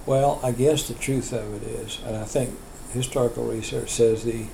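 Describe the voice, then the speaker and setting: Gravelly older man telling family stories. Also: medium pitch, steady tone, moderate pace, dark tone, slight background noise, rough recording. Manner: rambling, chuckling storyteller with restarts. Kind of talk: oral history storytelling.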